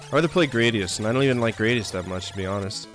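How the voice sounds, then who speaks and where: A man's voice: on the low side, very fast, a bit bright. A man in his thirties streaming a game live, joking, complaining sarcastically and chatting with viewers. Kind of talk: live gameplay commentary. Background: faint game music.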